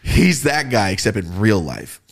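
A man's voice: on the low side, measured pace, vocal fry. Podcast host guy telling stories, swears a lot, voice jumps all over. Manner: animated, profane, acts out other people's lines. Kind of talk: casual storytelling.

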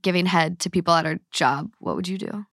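A woman's voice: on the low side, fairly quick, vocal fry, a bit bright, no room sound, clean studio sound. A young woman hosting a podcast, chatting casually and laughing easily, often tearful when she talks about her worries. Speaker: podcast host.

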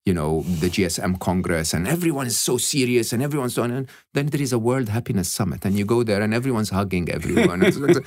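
Man, podcast guest, low pitch, very lively intonation, emphatic, dry recording. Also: fast talker, hardly any pauses, dry recording. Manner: animated, emphatic, tags lines with "okay?" and "hmm?". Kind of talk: reflective interview talk.

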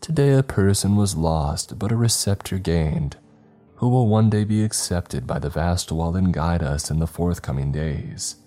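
A man's voice: deep voice, lively intonation, warm tone, soft background music. Man voicing a solemn cult priest. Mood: reverent. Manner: slow, reverent pronouncements. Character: solemn male cult priest, calm and fervent.

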